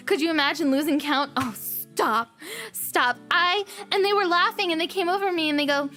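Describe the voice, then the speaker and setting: A young woman, telling stories in an animated, giggly way on a casual chat stream and acting out the people in them. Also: high-pitched, brisk, soft background music. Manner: animated storyteller, acts out voices and beeps; giggly, repeats lines for effect.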